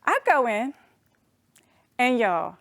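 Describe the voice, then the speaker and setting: An adult woman telling a humorous personal story to an audience, animated and playful, calling them y'all. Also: fairly high pitch, slow pace. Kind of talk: storytelling talk.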